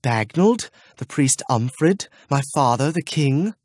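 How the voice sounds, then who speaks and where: A man voicing a timid, wistful young princess in an audiobook, speaking in a soft, husky half-whisper. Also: medium pitch, lively intonation, slow pace, no echo, studio quality, voice pushed up.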